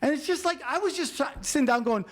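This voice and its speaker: High-voiced man ranting through a comedy story. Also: fast talker. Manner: animated, profane, ranting. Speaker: comedian guest. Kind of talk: storytelling in a podcast chat. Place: podcast studio.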